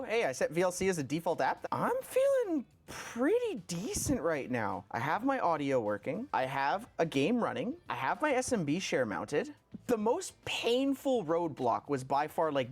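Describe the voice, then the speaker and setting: A presenter thinks aloud through a computer setup with a very lively, bouncing intonation. A little music sits faintly behind the voice. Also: medium pitch, normal speed, husky. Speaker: tech video presenter. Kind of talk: casual tech walkthrough.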